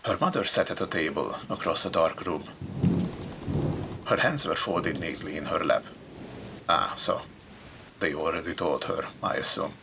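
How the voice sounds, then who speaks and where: A man's voice: sits low, expressive, moderate pace, creaky, pauses often, noisy background. A man hosting a let's play, reading a story game aloud with dramatic narration and dry asides. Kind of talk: reading a visual novel aloud with commentary.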